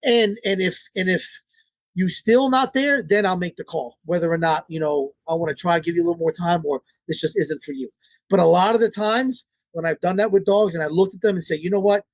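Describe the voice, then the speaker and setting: A man's voice: sits high, fairly quick, no room sound. A man, a dog trainer, talking casually and bluntly as an interview guest, swearing and repeating his points.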